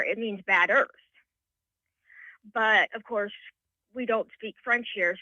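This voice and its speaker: A woman's voice: mid-range voice, steady tone, unhurried, pauses often, sharp tone, no echo. A woman calling in to a radio show, explaining in a matter-of-fact way. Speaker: caller. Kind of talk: call-in radio talk. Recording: call-in phone line.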